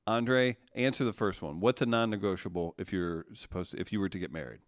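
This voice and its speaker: A man's voice: sits low, a little fast, no room sound, clean studio sound. A man hosting a casual live-stream chat, reading out viewer comments and joking with his co-hosts, laughing often.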